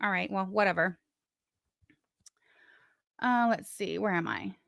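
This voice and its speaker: A woman's voice: medium pitch, a little slow, gravelly, fairly bright tone, dry recording, studio quality. A woman hosting a casual livestream, chatting and reading messages with sarcastic asides. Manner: chatty, sarcastic, talks to chat while doing other things. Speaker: livestream host.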